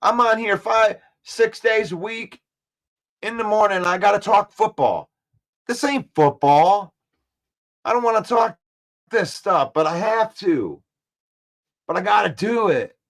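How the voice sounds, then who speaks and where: A man hosting a daily sports talk show, excitable and trash-talking, repeating himself as he builds his case. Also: high voice.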